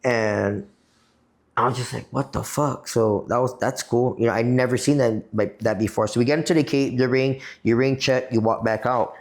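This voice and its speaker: A man's voice: medium pitch, fairly even intonation, normal speed, darkish tone. A man from Guam, a podcast guest, telling a long profane story in a rambling, casual way. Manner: profane, rambling, repeats "you know what I mean".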